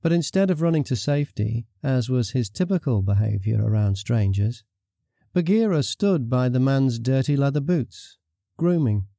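A man reading a fantasy audiobook in a measured, even storytelling manner. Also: medium pitch, vocal fry, no echo, studio quality. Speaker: audiobook narrator. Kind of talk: scripted story narration.

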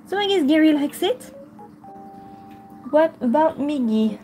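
A woman's voice: sits high, animated, measured pace, dark tone, soft background music. A woman vlogging with her pet, giggly, coaxing and pleading with it in casual talk. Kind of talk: casual pet vlog narration.

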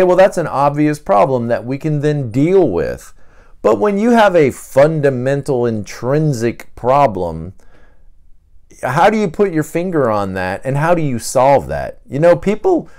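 A man's voice: medium pitch, darkish tone, clear, resonant tone. A middle-aged man teaching in a conversational way, now and then acting out the voices he quotes. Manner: checks in with listeners. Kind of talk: teaching talk.

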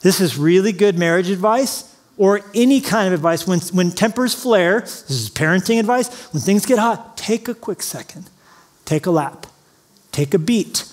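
A man preaching a sermon as pastor, mixing Bible reading with quick jokes and acted-out quotes. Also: sits high, expressive. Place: large church auditorium.

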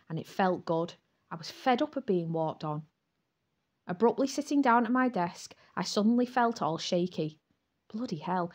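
A woman narrating a first-person romance audiobook in a lively, frank voice. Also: medium pitch.

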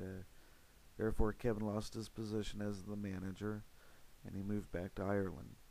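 A man narrating a paranormal investigation in an earnest, steady voice-over, with frequent fillers. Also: on the low side, gravelly, low-quality recording.

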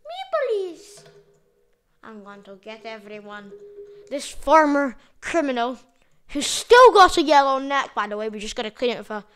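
High-pitched, goofy woman gaming host. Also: moderate pace. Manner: goofy, jokey, playfully excitable. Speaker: gameplay video host. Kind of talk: gameplay commentary.

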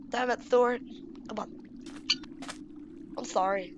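A woman giving playful gameplay commentary on a game mod, excitable and gushing, baby-talking to her in-game pets. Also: medium pitch, slow, long pauses, slight background noise. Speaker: YouTuber showing a game mod.

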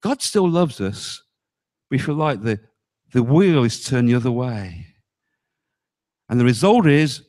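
A male pastor preaching a sermon, emphatic, often dropping low on key words and asking the congregation rhetorical questions. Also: sing-song, unhurried, long pauses, darkish tone.

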